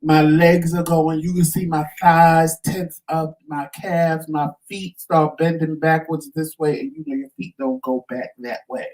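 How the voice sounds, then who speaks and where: Talk show co-host, male, animated storyteller, mellow voice recorded a little off-mic. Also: fairly high pitch, measured pace, few pauses. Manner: animated, dramatic storyteller acting out quotes. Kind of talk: casual storytelling chat. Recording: voice somewhat distant from mic.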